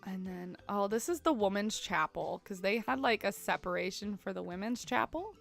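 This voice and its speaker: A woman's voice: mid-range voice, moderate pace, vocal fry, faint music behind. A young woman streaming, talking in a rambling, chatty way with many fillers. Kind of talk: casual live-stream chat while editing photos.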